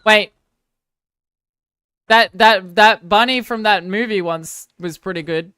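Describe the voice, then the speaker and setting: A woman's voice: medium pitch, slow pace, a bit bright, smooth, no echo, clean studio sound. A woman streamer chatting casually with viewers, rambling and apologizing in a self-deprecating way.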